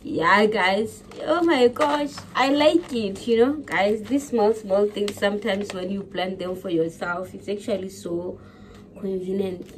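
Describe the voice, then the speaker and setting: A woman's voice: medium pitch, a little hiss or hum. A woman from Botswana chatting casually through a grocery haul and package unboxing, peppering her talk with "you know" and "guys". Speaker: vlogger. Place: home.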